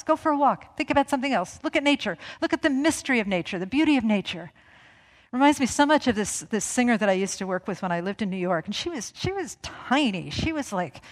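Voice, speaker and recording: A woman giving a gentle, conversational sermon, with easy asides and soft laughter. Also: fairly high pitch. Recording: long reverb of a hall.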